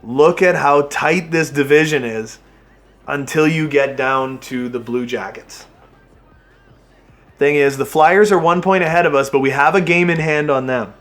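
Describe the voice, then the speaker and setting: A man giving excitable play-by-play commentary on a hockey video game he is playing, cheering and groaning at his team. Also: a little high, unhurried, soft background music. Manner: excitable play-by-play, yelling at the players. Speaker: gaming channel host.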